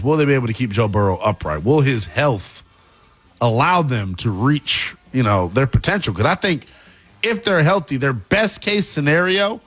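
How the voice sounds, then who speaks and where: An emphatic male football analyst who talks with big, lively swings in pitch. He is playful and punchy, drawing out his key words for effect. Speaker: sports analyst. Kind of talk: animated sports talk.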